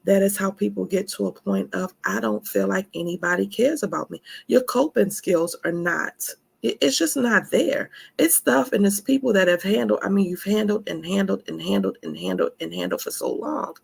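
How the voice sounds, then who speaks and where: A woman speaking gives an emphatic motivational talk on self-care. Her voice is gravelly and a little husky. She leans on words for emphasis and calls her listeners honey. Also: mid-range voice, normal speed, few pauses.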